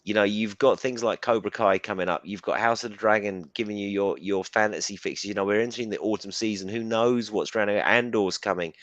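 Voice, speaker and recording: A man, a guest on a live-stream chat, talking casually and haltingly, often repeating and restarting his words. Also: lowish voice, fairly bright tone, no echo, dull audio.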